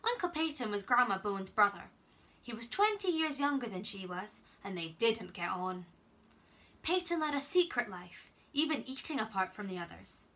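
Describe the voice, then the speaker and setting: A young woman camp counselor reading a children's storybook aloud, gently and expressively. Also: medium pitch, very animated, moderate pace.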